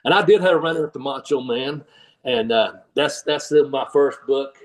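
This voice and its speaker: A man's voice: mid-range voice, normal speed, far from the mic, low-quality recording. An older man, rambling through a story in a casual interview, laughing often and acting out the people he quotes. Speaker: guest, former pro wrestler and trainer.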